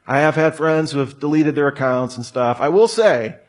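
A man's voice: on the high side, normal speed. A man giving a humorous lecture to an audience, full of rhetorical questions and joking asides. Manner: rhetorical questions, jokey asides, mock voices. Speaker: speaker giving a talk.

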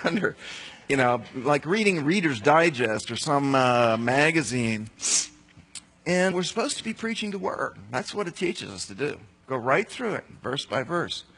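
A man's voice: on the high side, pushed and bright, breathy edge. A middle-aged man preaching an expository sermon as pastor, emphatic, with sudden rising bursts on key words.

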